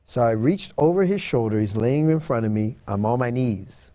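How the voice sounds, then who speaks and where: A man's voice: mid-range voice, animated, moderate pace, warm tone, dry recording. A man telling a personal story in an interview, earnest and dramatic, acting out what people said. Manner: earnest, dramatic retelling with acted-out quotes. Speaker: guest.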